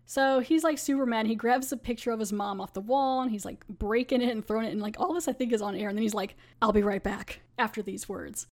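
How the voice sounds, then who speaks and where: Casting: chatty woman podcast host, slightly high voice, loose casual recap. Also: quick pace, hardly any pauses, a little mellow. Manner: chatty, lots of "like".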